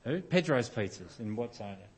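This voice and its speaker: A man's voice: mid-range voice, animated, normal speed, husky. A middle-aged man preaching a sermon in an informal, self-deprecating storytelling way, often restarting his sentences.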